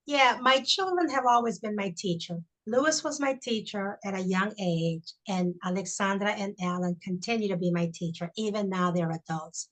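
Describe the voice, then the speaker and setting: A middle-aged woman, a bereaved mother and founder of an institute, speaking earnestly and reflectively over a video call, with halting restarts. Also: mid-range voice, low-quality recording. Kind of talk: conversational webinar storytelling.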